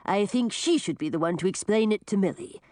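An excitable witch, as a woman puts her on in a storybook, eager and a bit bossy. The voice sounds close and dry. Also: medium pitch, brisk, no room sound, natural voice. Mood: insistent.

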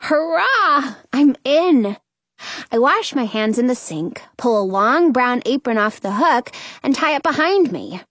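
A woman narrating a children's chapter book in an expressive, childlike first-person telling. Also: high voice, unhurried, no room sound. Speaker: audiobook narrator.

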